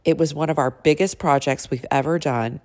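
A woman's voice: deep voice, fairly quick, darkish tone, big-room sound. A middle-aged woman who works in real estate, telling a personal story in a chatty, earnest way and turning tearful as she speaks. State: teary, voice breaking.

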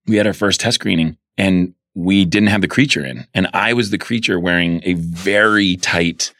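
A man interviewed as a filmmaker, telling anecdotes with animated energy and acting out the voices of the people in them. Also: deep voice, moderate pace, no room sound, studio quality. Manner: animated storyteller, acts out quoted voices. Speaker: guest filmmaker. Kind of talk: casual interview storytelling.

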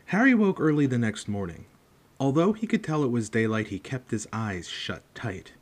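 A man hosting a show and reading a book aloud in a measured, steady narration. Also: medium pitch. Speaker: host and reader. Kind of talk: audiobook narration.

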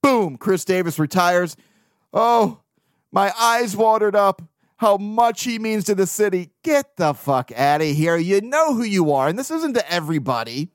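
A man hosts a casual sports podcast, venting in blunt, profane bursts. His voice sits a bit high for a man. The sound is dry and close, with no room around it. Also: sing-song, a little slow, dry recording. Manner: blunt, profane, venting, with mocking put-on quotes. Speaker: podcast host.

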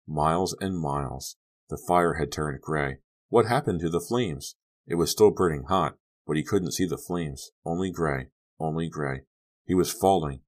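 A man narrating a young-adult horror audiobook in a calm, measured storytelling manner. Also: very deep voice. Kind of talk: scripted narration.

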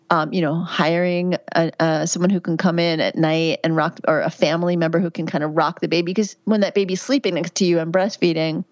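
A woman's voice: on the low side, darkish tone, no echo. A middle-aged woman, a midwife, answering interview questions in an earnest, chatty way with many fillers and restarts. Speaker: midwife and guest. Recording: dry, slightly dull lo-fi sound.

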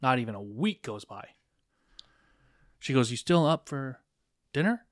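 A man's voice: mid-range voice, sing-song, measured pace, no echo, clean studio sound. A man co-hosting a podcast, telling a dating story casually and acting out both sides of the dialogue, with some swearing. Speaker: podcast co-host.

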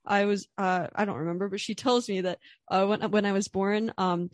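A woman's voice: mid-range voice, fairly even intonation, fairly quick, no echo. A young woman hosting an interview podcast, chatty and given to laughing. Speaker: podcast host. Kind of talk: casual interview.

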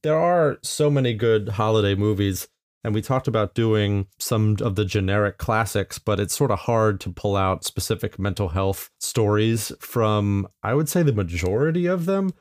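A man co-hosting a podcast, speaking casually with dry, teasing, deadpan humor. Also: fairly low pitch, normal speed, no room sound. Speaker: podcast co-host.

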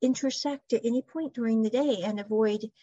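A woman's voice: on the high side, brisk, mellow, dry recording, dull audio. Chatty woman recapping a show. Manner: chatty storytelling, quoting characters in her own voice. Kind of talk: casual episode recap.

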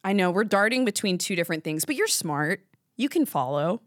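A woman's voice: medium pitch, very animated, fairly quick, dry recording, studio quality. A woman hosting a podcast, chatting casually and telling a rambling story full of asides. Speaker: podcast host. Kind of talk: casual chat.

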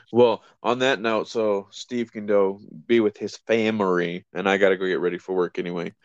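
Low-voiced blunt man, dull lo-fi sound. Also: fairly even intonation, normal speed, no echo. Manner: laid-back, blunt, casual swearing. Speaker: podcast co-host. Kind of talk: casual podcast chat.

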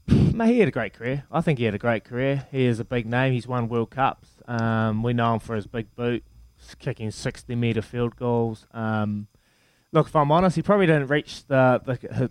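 A man's voice: mid-range voice, clear, resonant tone, no echo. A man in his thirties, a former rugby player, chatting on a podcast and telling stories with lots of repeats and friendly asides. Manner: animated storyteller, many repeats and "mate". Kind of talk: casual podcast chat.

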